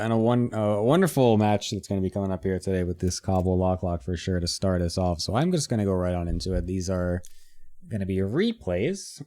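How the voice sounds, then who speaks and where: A man's voice: deep voice, a little mellow. A man hosting an esports stream, chatting casually and crudely with his co-casters. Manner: joking, crude, laughs often. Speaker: esports caster and show host. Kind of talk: casual pre-match chat.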